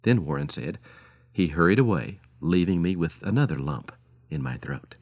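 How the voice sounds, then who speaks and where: A man's voice: sits low, expressive, normal speed, no room sound, lo-fi sound. A man preaching on the radio, telling stories in an earnest, pleading way and speaking to parents directly.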